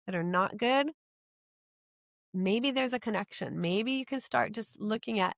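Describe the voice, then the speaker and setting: A middle-aged woman, a podcast guest, telling her personal story in an earnest, animated way. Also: fairly high pitch, a little slow, vocal fry, dry recording, clean studio sound.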